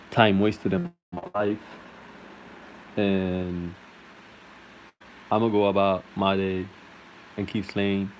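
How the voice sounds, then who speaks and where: A man's voice: on the low side, darkish tone, slight background noise, low-quality recording. A man telling a crude comic story in a rambling way, full of fillers and laughter.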